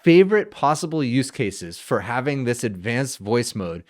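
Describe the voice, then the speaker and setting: A man's voice: mid-range voice, sing-song, moderate pace. A man hosting a casual tech review vlog, talking directly and conversationally with mild criticism.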